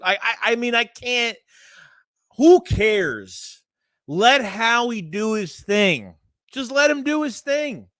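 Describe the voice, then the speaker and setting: A man hosting a casual sports livestream rants bluntly as a fan, swearing and repeating himself while reading live chat messages. His voice sits high with a sharp tone, recorded at studio quality with no echo.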